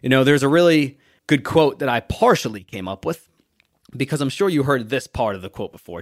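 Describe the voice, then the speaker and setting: A young adult man hosting a motivational podcast, telling a story and preaching with emphatic, drawn-out words. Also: medium pitch, very animated, dry recording, studio quality. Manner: preachy, emphatic, stretching key words slowly.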